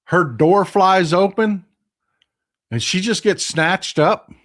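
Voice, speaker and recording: A man's voice: high voice, slow. Impassioned Texan man hosting a live stream. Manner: impassioned, swings from loud outrage to quiet hushed replies. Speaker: live stream host reading viewer comments. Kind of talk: casual political live stream commentary.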